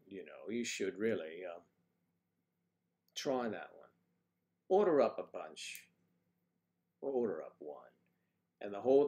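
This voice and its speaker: A man's voice: on the low side, darkish tone. An older man hosting a casual morning livestream, chatting playfully and greeting viewers by name as he reads their comments. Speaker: livestream host.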